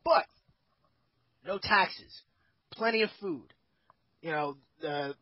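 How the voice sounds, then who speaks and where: A husky-voiced man holds court in a casual group chat, rambling and opinionated and cursing freely. The sound is dull and lo-fi. It's bone dry, with no room around it. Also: high-pitched, animated, slow, no echo. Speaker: podcast host.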